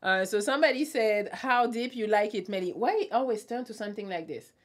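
A woman's voice: medium pitch, animated, fairly quick. A young adult woman hosting a casual live stream, reading out viewer comments and answering them bluntly with a teasing tone. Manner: blunt, teasing, laughs often.

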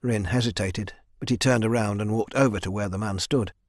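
A man narrating a fantasy audiobook in an even, measured storytelling manner. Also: lowish voice, no room sound, studio quality. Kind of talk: scripted narration.

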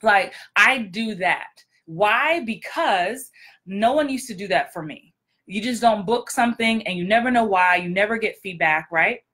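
A woman's voice: mid-range voice, animated, measured pace, a bit bright. A woman acting coach giving very direct, blunt advice in a frank, emphatic vlog talk. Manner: frank, emphatic, repeats for effect.

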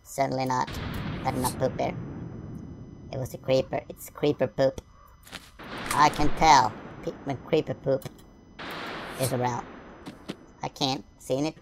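With a rumbling low voice and a level tone, a woman talks herself through a video game, humming and inventing nonsense words in a playful, sing-song style. She's unhurried and pauses often, and the background is noisy.

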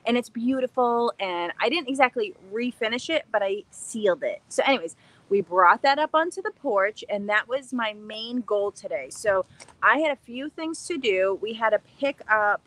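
A young woman chats excitedly on a casual livestream, her voice pitched a little high and swooping up and down all the time. Her tone is bright and sharp, and the sound is dry and close, with no echo. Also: moderate pace. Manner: bubbly, excited, scattered. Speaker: craft channel host. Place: backyard, outdoors.

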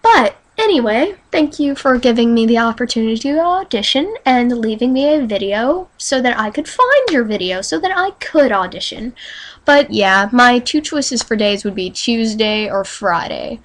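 A young woman on a quiet webcam mic, chatting in a bubbly, goofy, apologetic way, a bit stuffy from allergies. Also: fairly high pitch, sing-song, moderate pace, low-quality recording. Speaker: YouTuber auditioning for a collab channel. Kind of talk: casual webcam vlog.

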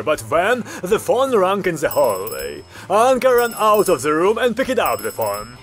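A man narrating an audiobook with lively storytelling. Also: sits high, a little slow, few pauses, faint music behind.

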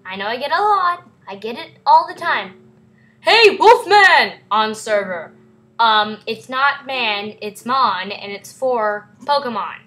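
A woman's voice: on the high side, lively intonation, measured pace, bright, forceful tone, rough recording. A woman hosting a casual gameplay video, giddy and goofy, giggling often. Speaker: game video host.

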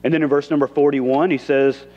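A man's voice: fairly high pitch, steady tone, brisk, darkish tone. Male pastor preaching, casual delivery, acts out the quotes, big church reverb, kinda dull sound. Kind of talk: sermon. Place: church sanctuary.

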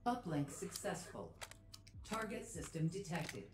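A clipped game AI announcer. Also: female voice, lowish voice, big pitch swings, unhurried. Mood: calm. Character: calm female system AI announcer. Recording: game audio under loud noise, echoey. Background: loud game noise and clicks.

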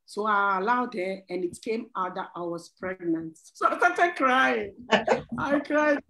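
Woman guest, middle-aged, slightly high voice, earnest pleading testimony with laughs. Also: a bit bright, low-quality recording. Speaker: panel guest. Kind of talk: church talk show sharing testimony.

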